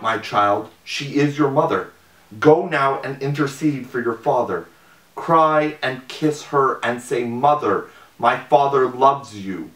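An anguished, jealous husband pours out his grief and pleads for his wife's love, voiced by a man reading aloud. The delivery is slow and mournful. It sounds distant, with the echo of a live room. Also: mid-range voice, a bit bright, close to an everyday voice. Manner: lamenting, pleading. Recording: roomy, distant mic.

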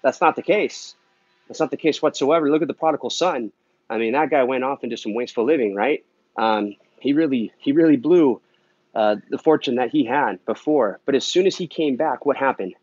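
A man's voice: mid-range voice, brisk, a little mellow, husky. A man walking through an indoor pool area while talking earnestly and casually to a viewer, with many "man" and "you know" fillers. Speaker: Christian vlogger answering a viewer comment. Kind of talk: casual spoken encouragement. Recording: dull lo-fi recording.

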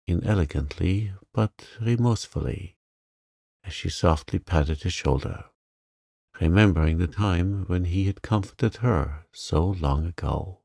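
A man narrating a classic novel as a calm sleep story, in a soft, even way. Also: deep voice, a little slow, vocal fry, no echo, clean studio sound.

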